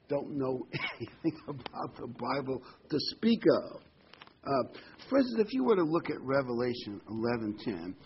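A man's voice: mid-range voice, slight background noise. A man preaching a conversational sermon, stressing points by repeating phrases. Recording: dull lo-fi recording.

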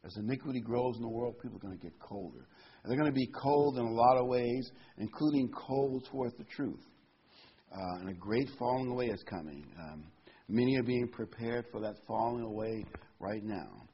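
A man's voice: medium pitch, moderate pace, husky, muffled recording. A man preaching a sermon, reading scripture aloud and stressing key words as he explains them.

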